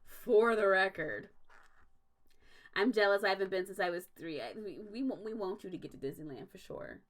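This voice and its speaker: A young adult woman hosts a casual livestream and rants hard. She swears for emphasis and breaks into laughter. Her voice sits at a middle pitch. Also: animated, fast talker. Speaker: stream host.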